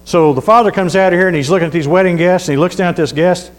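A man's voice: high-pitched, poor audio. A man preaching a sermon in a folksy storytelling way, reading scripture aloud and dropping in amens. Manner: reads scripture aloud slowly.

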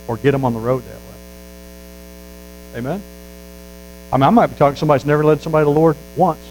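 A man preaching a sermon as a Baptist pastor, folksy and emphatic, building to loud fervor. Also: medium pitch, gravelly, slight background noise, poor audio.

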